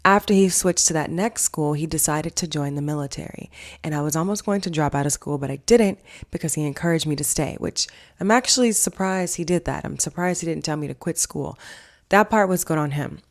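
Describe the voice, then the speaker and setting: A woman's voice: deep voice, fairly quick. A woman hosting a casual storytime vlog, chatting through a personal story and acting out what people said. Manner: chatty storytelling, acts out quoted dialogue. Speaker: vlog host and family counselor.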